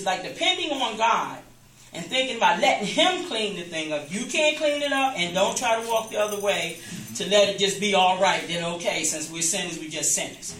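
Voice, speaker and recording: A woman's voice: medium pitch, fairly bright tone. A woman minister teaching a church class in a loose, conversational way, often repeating herself and acting out the voices she quotes. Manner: talks informally, repeats and restarts phrases, acts out quoted voices. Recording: echoey room, distant mic.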